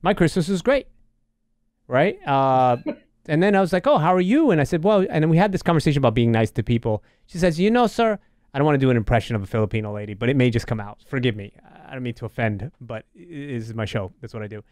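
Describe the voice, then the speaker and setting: Lively, swearing male podcast host. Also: mid-range voice, fast talker, no room sound, clean studio sound. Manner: animated, profane, acts out quotes. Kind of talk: casual live podcast storytelling.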